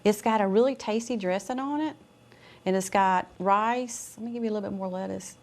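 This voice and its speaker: A woman's voice: mid-range voice, brisk, a little mellow. Chatty American woman hosting a cooking show. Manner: chatty and homey, thinking aloud while serving. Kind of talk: casual cooking show chat.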